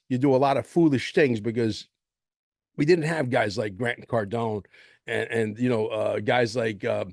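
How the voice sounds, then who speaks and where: Older man, host, rambling casual talk, emphatic repeats, mid-pitched voice, dry close sound. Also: no room sound. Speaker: host and precious metals dealer.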